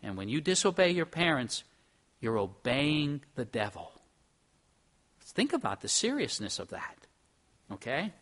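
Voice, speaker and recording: A middle-aged man preaching a sermon in an earnest, emphatic way, moving between soft and loud. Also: medium pitch, very animated, measured pace, pauses often. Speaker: pastor.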